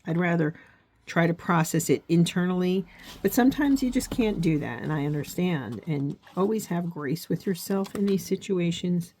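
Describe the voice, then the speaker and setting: Woman, low voice, planner vlogger, earnest and encouraging, talks right to viewers. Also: warm tone. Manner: reflective, with frequent "okay?" check-ins. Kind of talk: casual heartfelt talk while crafting.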